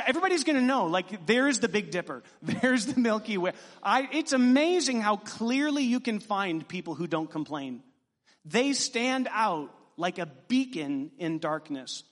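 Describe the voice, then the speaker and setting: A male pastor with a high voice delivers a sermon, trading joking asides with his congregation. His words ring out with a long reverb through the church hall. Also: a bit bright. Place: church sanctuary.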